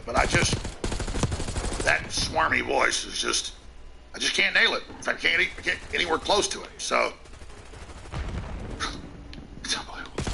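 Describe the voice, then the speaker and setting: A man's voice: on the high side, gravelly, background noise. A male talk show host ranting emphatically in commentary. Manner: emphatic, rapid, conspiratorial.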